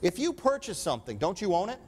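Male preacher, slightly high voice, emphatic sermon delivery with call-and-response. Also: wildly swooping pitch, fast, darkish tone, slightly rough. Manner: emphatic preaching, asks congregation for amen.

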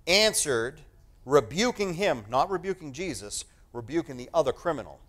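A male pastor preaching a sermon, reading scripture aloud with emphatic, dramatic stress and slowed-down key phrases. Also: mid-range voice, big pitch swings, a bit bright.

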